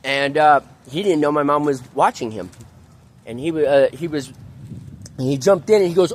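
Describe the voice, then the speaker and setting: A man's voice: a little high, moderate pace. A man venting angrily outdoors in a park, swearing often and repeating himself as he rants. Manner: profane, ranting, repetitive. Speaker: vlogger. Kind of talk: angry venting monologue.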